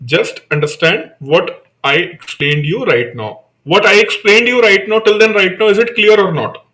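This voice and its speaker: A man's voice: sits high, moderate pace, bright, forceful tone. A man teaching an online exam-prep class, repeating key phrases and asking rhetorical questions he then answers. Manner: addresses students by name. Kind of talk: live online lecture.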